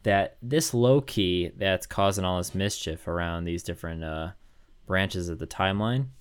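A man chatting casually, rambling and excited as he lays out a fan theory, with many fillers. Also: low-pitched, moderate pace, clear, resonant tone, dry recording. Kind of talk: casual chat.

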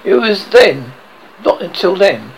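Man reading a story, gravelly voice, animated rises and falls, rereads slips. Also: high voice, takes it slowly, a little hiss or hum, rough recording. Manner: expressive, stumbling rereads. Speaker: reader. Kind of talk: audiobook narration.

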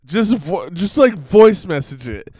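Male host, high voice, loose ranting commentary with laughs. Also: sing-song, a little slow, mellow, breathy edge, no echo. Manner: rambling, laughs between thoughts. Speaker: podcast host. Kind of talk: casual commentary.

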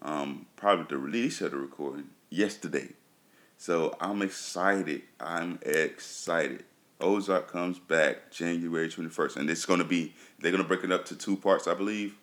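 A man's voice: sits low, moderate pace, fairly bright tone. A man casually reviewing TV shows for his viewers. He talks loosely, with lots of fillers, and repeats himself for emphasis. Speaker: TV show reviewer.

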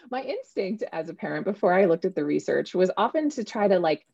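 A woman in her thirties, an author, chatting in an interview with an animated manner and plenty of fillers. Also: fairly low pitch, fairly quick, gravelly, breathy edge, no room sound. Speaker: author and guest. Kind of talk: casual interview conversation. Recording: dull, lo-fi sound.

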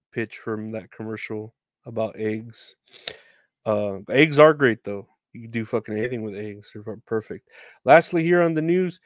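A man's voice: medium pitch, no room sound. A young man rambles through news headlines in a casual rant, swearing often and making fun of himself. His voice sits in a middle range. The recording is dry and close, with no room sound. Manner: rambling, profane, self-deprecating. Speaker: podcast host.

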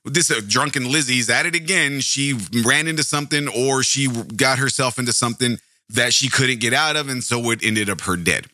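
A man's voice: mid-range voice, moderate pace, pushed and bright, no room sound, studio quality. A man hosting a casual true-crime podcast, rambling, interrupting himself and swearing casually. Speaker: podcast host.

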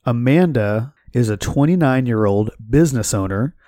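Male host, mid-pitched, measured questions, dry close-mic sound. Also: lively intonation, dark tone, no room sound. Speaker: interviewer. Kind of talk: interview questions and scripted introduction.

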